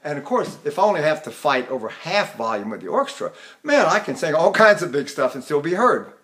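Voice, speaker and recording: A man's voice: a little high, sing-song, a little fast, fairly bright tone. An older man teaching vocal technique in a chatty, anecdotal lecture, turning to his students with asides and breaking off to sing bits of opera. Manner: addresses students directly with frequent "see?".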